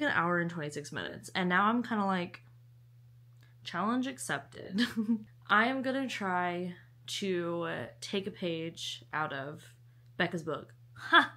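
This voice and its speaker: A woman's voice: on the low side, animated, slow pace, pushed and bright. A young woman chatting casually in a book vlog, bubbly and talkative, with sweet asides to her dog. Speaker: book vlogger.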